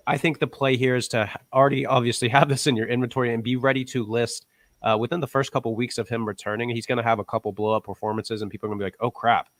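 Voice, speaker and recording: A man co-hosting a casual podcast, pitching his investment picks with upbeat, rising emphasis. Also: fairly bright tone, no echo. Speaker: co-host.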